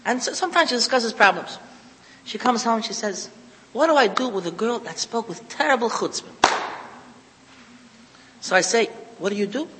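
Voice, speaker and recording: A man delivers a religious lecture in a high, bright voice, driving points home by repeating them. He sprinkles Hebrew and Yiddish terms through his English. The sound carries a long hall reverb over faint background noise. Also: lively intonation, moderate pace, long pauses. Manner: emphatic, repeats key phrases, mixes in Hebrew and Yiddish terms. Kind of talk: lecture to an audience.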